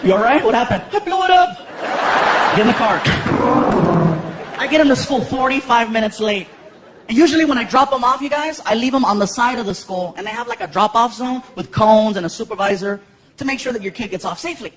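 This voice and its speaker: Animated man telling stand-up stories. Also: very high voice, a little fast. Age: 30s. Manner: animated storytelling, acting out voices. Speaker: stand-up comedian. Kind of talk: stand-up comedy. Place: live comedy venue with audience. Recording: noisy live show recording.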